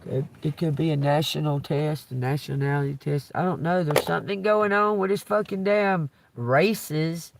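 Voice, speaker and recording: A man's voice: on the high side, normal speed, creaky, hardly any pauses, a little hiss or hum. Loose, profane man giving a tarot reading. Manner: rambling, profane, chuckles often. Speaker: tarot reader. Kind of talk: casual live-stream reading.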